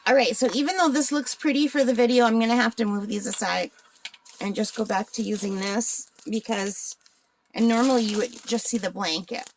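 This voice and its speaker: There's slight background noise as a woman with a slightly high voice talks at normal speed. She's in her forties, from northern Ontario, Canada, and hosts a crafting channel; between hiccups she chats casually, rambles, and asks viewers questions while crafting.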